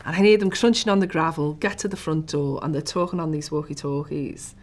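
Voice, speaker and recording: Low-voiced Liverpool woman telling a story. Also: a little fast. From Liverpool, England. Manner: animated storyteller, rising to hushed whispers at tense moments. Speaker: interviewee. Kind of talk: recounting a personal story.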